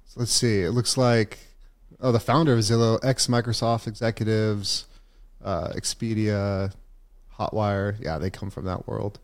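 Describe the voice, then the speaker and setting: A man hosting a casual podcast interview, encouraging his guest and sometimes dropping into low asides. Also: steady tone, unhurried. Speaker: podcast host.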